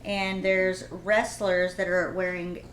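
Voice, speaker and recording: A woman's voice: on the low side, flat delivery, slow pace. A middle-aged woman, a mother, chatting casually about a book with jokey, teasing asides. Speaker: mother reading along. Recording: echoey room with faint hiss.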